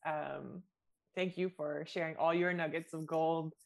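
A woman's voice: low voice, steady tone, unhurried, gravelly. A woman hosting a casual podcast chat, friendly and affirming. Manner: friendly, affirming, laughs often. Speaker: podcast host.

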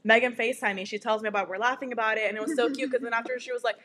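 Young woman chatting with quick laughs. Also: a little high, steady tone, fairly bright tone. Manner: quick, laughing, supportive interjections. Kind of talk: casual chat.

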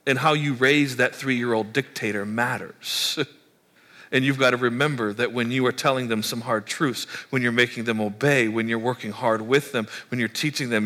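A pastor preaching a sermon in an animated way, acting out people's complaints in higher voices. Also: male voice. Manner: animated, mimics congregants in high excited voices.

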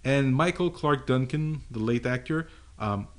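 A man co-hosting a podcast in casual chat, halting, with many fillers and restarts. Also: mid-range voice. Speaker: podcast co-host.

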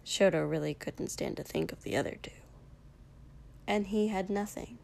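A woman narrating a fan fiction story aloud in an even, unhurried storytelling voice. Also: mid-range voice, vocal fry.

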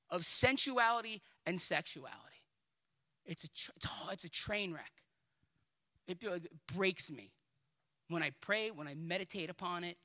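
A pastor preaches in a pleading, emphatic way, slipping into colloquial asides and repeating words as he builds momentum. His fairly high voice has a very bright, forceful, cutting ring.

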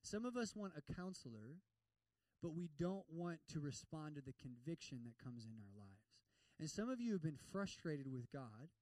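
High-voiced male pastor preaching. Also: dry recording, far from the mic, low-quality recording. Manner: lively preaching that acts out prayers in other voices, with humor. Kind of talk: sermon.

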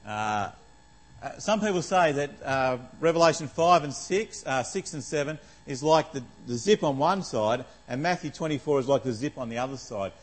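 An expressive preacher with a mid-range voice speaks at a moderate pace, reading scripture and questioning his congregation in a conversational sermon. He uses lots of fillers, and the audio quality is poor.

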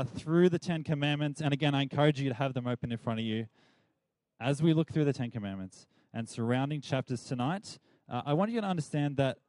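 A man's voice: mid-range voice, mellow, no echo. A young man giving a chatty, playful Bible talk to a youth group and leading them in call-and-response.

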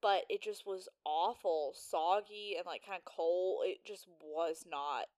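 A young woman co-hosting a podcast, expressive and quick to laugh. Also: on the low side. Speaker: podcast co-host. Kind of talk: casual chat.

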